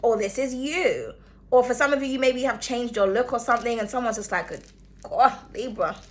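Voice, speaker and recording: A woman's voice: fairly high pitch, fairly quick. A woman giving a casual tarot reading, chatty and rambling, swearing freely and humming as she thinks. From outside the United States. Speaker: tarot reader.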